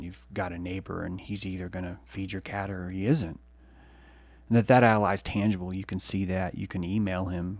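A man's voice: low-pitched, a little mellow, no echo. A male podcast host giving a rambling, profane solo monologue.

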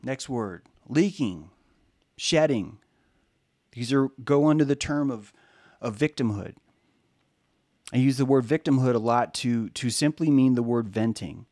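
A man's voice: medium pitch, a little slow, long pauses, darkish tone, no room sound, studio quality. A man giving a loose, rambling spoken lecture, swearing freely and acting out the voices he quotes.

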